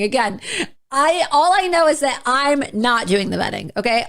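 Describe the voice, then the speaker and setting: A woman's voice: fairly high pitch, moderate pace, vocal fry, fairly bright tone. A woman political commentator speaking in a sarcastic tone, with chuckling asides, in a played clip.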